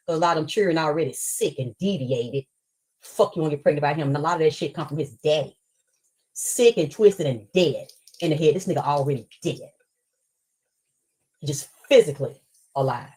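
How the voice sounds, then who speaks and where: A woman's voice: low voice, a little mellow, low-quality recording. A woman telling a story in an angry, profane live stream rant.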